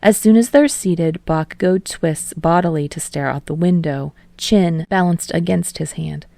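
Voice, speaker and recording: A woman reading fan fiction aloud as a podfic reader in steady, measured narration. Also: lowish voice, creaky, no echo.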